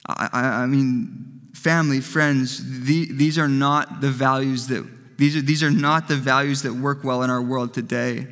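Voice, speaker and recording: A man's voice: medium pitch, flat delivery, measured pace, fairly bright tone, in a large hall. A man preaching a sermon as pastor, emphatic and fond of repeating phrases for effect.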